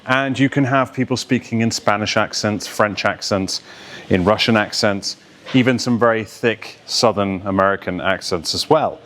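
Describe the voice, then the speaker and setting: A man from England working as a voice coach, explaining things clearly and steadily in a video lesson. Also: on the low side, normal speed, a little hiss or hum. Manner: articulate, steady, explaining with examples.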